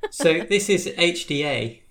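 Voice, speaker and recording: A woman co-hosting a podcast, dropping dry, deadpan quips into a casual film recap. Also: sits low, unhurried, background noise. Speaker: podcast co-host.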